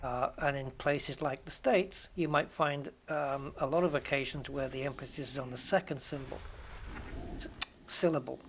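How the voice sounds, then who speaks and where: This British streamer from the UK rambles through casual chat with viewers while gaming, frequently correcting himself. He has a mid-range voice and a moderate pace, and the recording carries a little hiss or hum.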